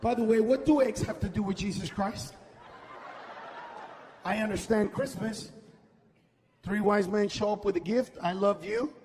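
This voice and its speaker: A stand-up comedian man with a very high voice works a live room, shouting his punchlines and mocking people's voices. Spanish words slip into his English, and a faint hum of ambience sits behind him. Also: measured pace, pauses often, in a large hall. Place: comedy stage before a live audience.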